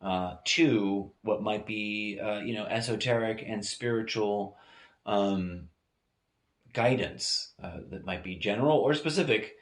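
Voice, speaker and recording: Rambling low-voiced man in an echoey room. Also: a little slow. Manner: meandering, hesitant, many fillers and restarts. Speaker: podcast host. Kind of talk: rambling solo podcast monologue. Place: home room used as studio.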